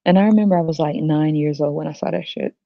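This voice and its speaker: A woman hosts a casual podcast rant, her gravelly voice full of blunt, crude jabs and frequent laughter. The recording is dull and lo-fi. The sound is dry, with no room around it. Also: low voice, fast talker, no room sound. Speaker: podcast host. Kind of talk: ranting casual monologue.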